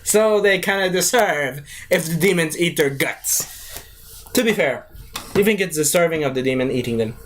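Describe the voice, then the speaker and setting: A man's voice: fairly high pitch, expressive, moderate pace, fairly bright tone, a little hiss or hum. A man casually reviewing a show, rambling and joking as he retells scenes.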